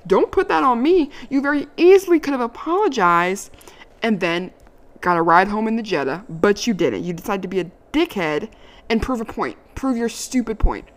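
A young adult woman telling a dating story in a casual, brash and profane way, her voice jumping higher when she gets indignant. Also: moderate pace. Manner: lively, climbs high when indignant.

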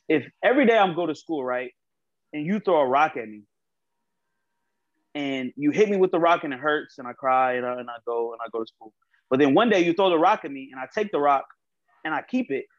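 A man tells stories in a loose podcast chat. He acts out quotes and swears freely. His voice sits a bit high, and the recording is dry and slightly muffled. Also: no echo. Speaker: podcast co-host. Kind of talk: casual chat.

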